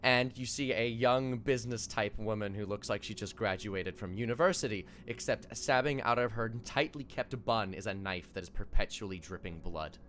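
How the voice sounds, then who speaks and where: A young man narrating a tabletop game as dungeon master, animated and laughing, with halting fillers. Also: fairly low pitch, a little hiss or hum.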